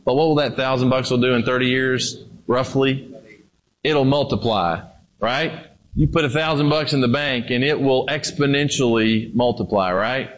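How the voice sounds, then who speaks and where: A man's voice: mid-range voice, normal speed. A man preaching a sermon, telling a story and then pressing his listeners with emphatic questions.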